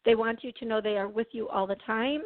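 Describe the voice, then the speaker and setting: A woman's voice: on the high side, fairly even intonation, fairly quick, dry recording. Woman, psychic medium call-in host, chatty, reassuring, thin phone-line sound, dry. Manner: chatty, reassuring, clears throat often. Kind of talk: call-in radio show.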